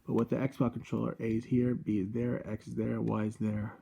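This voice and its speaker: A young man in his twenties hosts a casual gadget review vlog from his room. His voice is gravelly, husky and dark. He rambles in a halting way and keeps correcting himself mid-sentence. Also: medium pitch, flat delivery. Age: 20s. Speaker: channel host. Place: room at home.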